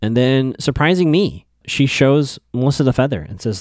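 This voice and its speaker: A man's voice: medium pitch, lively intonation, normal speed, dry recording, clean studio sound. Chatty man recapping an episode. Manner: chatty, offhand, with many fillers.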